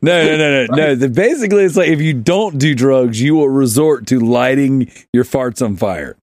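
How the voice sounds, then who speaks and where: On his podcast, a man chats casually through a funny, meandering story, laughing and performing shouted quotes. His mid-range voice is expressive and moves at normal speed, recorded dry.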